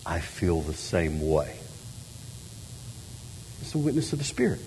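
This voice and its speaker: A middle-aged man, a pastor preaching a sermon in a church, talking with an animated delivery that swings from quiet to loud, emphatic lines. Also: low voice, unhurried, slight background noise. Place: church sanctuary. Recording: long hall reverb.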